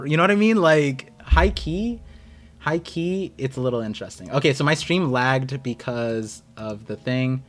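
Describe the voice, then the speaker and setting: Excitable young man rambling to chat. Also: mid-range voice, moderate pace. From United States. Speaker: streamer host. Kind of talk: casual live-stream chat.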